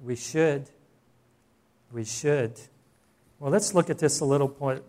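A man's voice: mid-range voice, slow pace. A man preaching a sermon in a conversational way, often asking the congregation questions. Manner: conversational preaching with rhetorical questions and soft laughs. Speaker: pastor.

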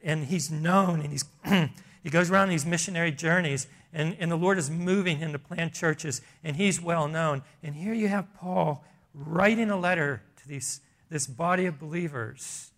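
A man's voice: a little high, normal speed, fairly bright tone. A man preaching a sermon in a church, earnest and conversational, often restarting his sentences. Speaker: pastor.

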